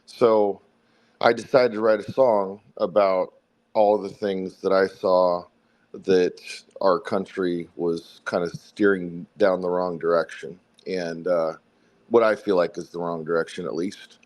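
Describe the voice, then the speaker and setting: A man from South Carolina with a faint Southern accent, telling the story behind his song in a relaxed, rambling way during a casual interview. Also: deep voice, measured pace, poor audio. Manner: rambling, friendly storytelling with fillers. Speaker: songwriter guest.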